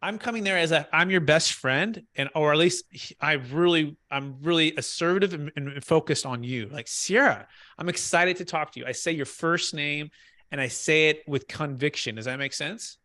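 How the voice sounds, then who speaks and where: Energetic, bright-voiced male sales coach. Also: on the high side, moderate pace. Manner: energetic, emphatic, keeps checking in with "right?". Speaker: sales trainer. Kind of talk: coaching on a practice cold call.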